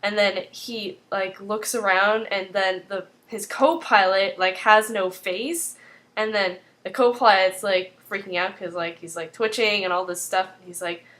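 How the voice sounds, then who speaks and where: A woman's voice: mid-range voice, fairly even intonation, a little slow, fairly bright tone. A young woman casually recapping a TV episode in a vlog, chatty and leaning on "like" throughout. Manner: chatty, fills with 'like' constantly.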